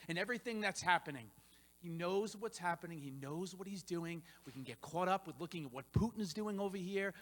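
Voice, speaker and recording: A man preaching to a congregation as a pastor hosting a church panel, energetic and rambling, with restarts and asides, in a church sanctuary. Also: high voice, in a large hall. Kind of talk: informal sermon-style talk to a congregation.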